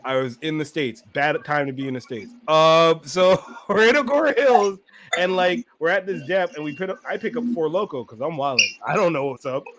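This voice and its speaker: A man, a podcast guest, talking in a laid-back way that trails off quietly, in casual chat. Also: a little high, brisk. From Canada.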